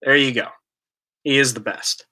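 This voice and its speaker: A man's voice: medium pitch, fairly even intonation, normal speed, pushed and bright. Man, livestream host, casual chat, rambling, joking. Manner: rambling, jokey, reads chat aloud. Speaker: YouTube collector channel host. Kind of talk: casual live-stream Q&A chat.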